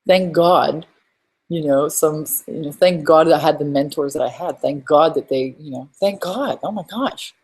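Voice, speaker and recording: A woman hosting a live webinar from home as a business coach, talking in an energetic, rambling, emphatic way. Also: deep voice, moderate pace, husky.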